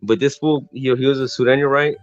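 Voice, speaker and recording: A man's voice: medium pitch, fairly even intonation, fast, dry recording, highs cut off. A man from Texas telling a story in casual, slangy podcast chat, rambling with frequent restarts.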